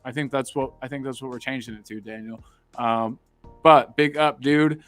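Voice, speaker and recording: A man's voice: mid-range voice, steady tone, moderate pace, fairly bright tone, faint music behind. A young American man hosting a casual chat, reading out live comments and rambling with repeated words. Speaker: podcast host.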